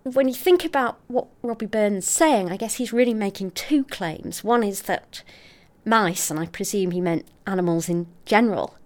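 A middle-aged woman, a scientist explaining her research in an interview, articulate and expressive. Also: mid-range voice, moderate pace, hardly any pauses. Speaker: scientist guest.

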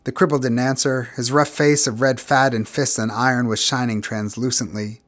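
Measured male audiobook narrator. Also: medium pitch. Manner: measured, expressive, grows quiet and somber. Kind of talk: scripted literary narration.

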